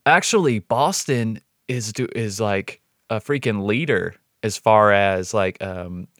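A man's voice: fairly low pitch, slow, a bit bright, dry recording, studio quality. A man co-hosting a true crime podcast, chatty and easygoing, laughing often and tossing in "man" and "dude.". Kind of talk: casual chat.

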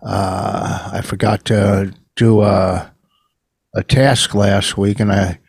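A man's voice: lowish voice, level tone, takes it slowly, creaky, darkish tone, breathy edge, dry recording. Man, podcast co-host, defensive and argumentative, dry close sound. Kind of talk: casual bickering chat. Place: home. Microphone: computer camera.

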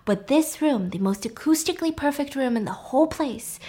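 A woman doing a soft-spoken strict male teacher. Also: expressive. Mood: solemn. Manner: soft, measured and low-key. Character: calm older male music teacher, gently firm.

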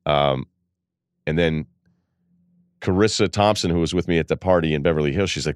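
A man's voice: rumbling low, fairly quick, pauses often, no echo, clean studio sound. A man hosting a podcast, telling a story casually, laughing and quoting people as he goes. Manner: animated, laughing, quotes people in voices. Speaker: podcast host.

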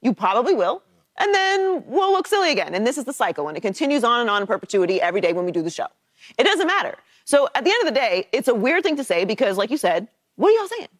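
A female sports talk co-host whose voice rises and falls with lively intonation as she reasons through her point. The sound is close and dry, with little room in it. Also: dry recording. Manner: measured, reasoned argument with lively pitch. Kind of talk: sports debate.

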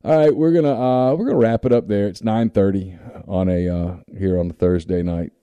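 A male radio host tells a joke in casual call-in chat, throwing himself into loud, animated character voices. His voice sits low with a very dark, mellow tone, recorded dry and close. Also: fairly quick, clear, resonant tone, no room sound, highs cut off.

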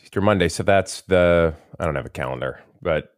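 A man co-hosting a podcast in easy, teasing banter, quick with a joke. His voice sits on the low side for a man. The recording is close and dry. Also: no echo. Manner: joking, teasing. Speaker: podcast co-host. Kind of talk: casual chat.

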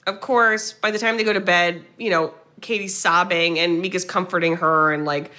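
A podcast co-host, a woman with a lowish voice, casually recaps a movie's plot at a normal pace. She's animated, quotes the characters, and swears occasionally.

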